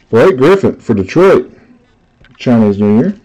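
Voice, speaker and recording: A man's voice: on the low side, expressive, normal speed, warm tone, dull audio. A man hosting a live card break, chatting casually, telling stories and reading out the cards he pulls. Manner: chatty storyteller, laughs easily, reads out cards.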